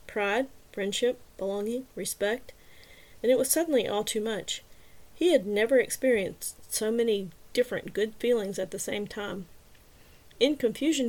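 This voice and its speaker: A woman reading an audiobook chapter aloud in a calm, measured, soft-spoken way. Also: fairly high pitch. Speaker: podcast narrator. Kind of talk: audiobook narration.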